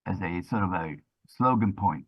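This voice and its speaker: A man talking as a guest in a casual chat, hesitant, halting and restarting. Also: deep voice, animated, no echo, lo-fi sound. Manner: hesitant, many uh fillers and restarts.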